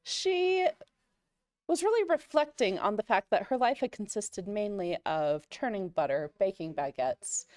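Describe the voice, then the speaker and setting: A woman's voice: medium pitch, expressive, normal speed, few pauses, a little mellow, no echo. Woman telling a playful improvised tale. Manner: playful, rambling with fillers. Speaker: player. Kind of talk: improvised in-character storytelling.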